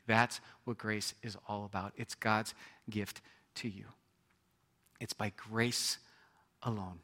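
Man, pastor, sermon, bright forceful voice, conversational asides. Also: mid-range voice. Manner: conversational preaching with repetitions and asides.

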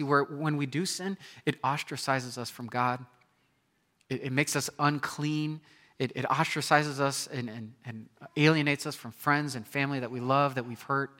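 Man in his thirties, pastor, sermon, animated storyteller, bright forceful voice, fairly high pitch. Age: 30s. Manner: animated storytelling, acts out scenes with sudden loud outbursts.

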